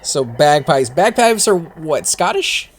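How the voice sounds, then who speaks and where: A man's voice: a little high, very animated, slow pace. Laid-back man joking over game chat. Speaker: gaming channel host. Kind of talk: casual chat while playing a game. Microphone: desk microphone.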